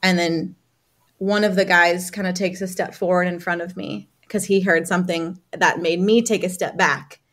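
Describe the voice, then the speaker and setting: A woman, a healing coach, telling a personal story as a podcast guest, lively, acting out other people's lines and using many casual fillers. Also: fairly low pitch, moderate pace.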